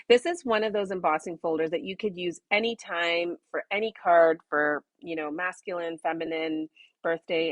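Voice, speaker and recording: A woman's voice: fairly low pitch, a bit bright, no room sound. A woman hosting a live card-making demonstration, chatting upbeat and laughing often as she works. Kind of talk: live crafting demo.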